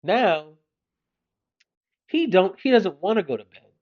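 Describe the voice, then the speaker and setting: A man's voice: sits high, sing-song, takes it slowly, dull audio. A man in his thirties, a father doing an exasperated comedic monologue about his kids.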